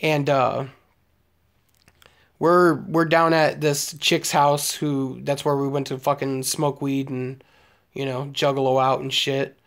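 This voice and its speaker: A man's voice: medium pitch, flat delivery, slow pace. A man in his late twenties telling crude, rambling stories while chatting casually with stream viewers. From Omaha, Nebraska, United States. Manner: rambling, profane storytelling with frequent fillers and laughs. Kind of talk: casual live-stream chat.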